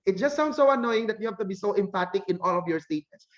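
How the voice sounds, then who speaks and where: A man's voice: high-pitched, expressive, fast talker, muffled recording. A man teaching an English grammar lesson, blunt and lecturing, who corrects himself mid-sentence and acts out students' questions.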